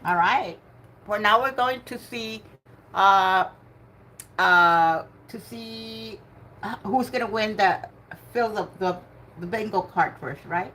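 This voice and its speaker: A woman's voice: mid-range voice, takes it slowly, fairly bright tone. An older woman hosting a casual livestream bingo game. She chats and laughs often, and greets her viewers by name. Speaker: livestream host running bingo. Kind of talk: casual live chat.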